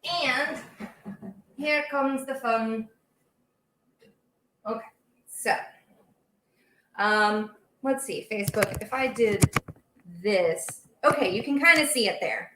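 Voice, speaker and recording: A woman's voice: a little high, expressive, slow pace, pauses often, a bit bright, roomy sound, slight background noise. Chatty woman hosting a baking livestream. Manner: chatty, rambling, reads out viewer comments. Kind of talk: casual live-stream chat while cooking. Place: home kitchen.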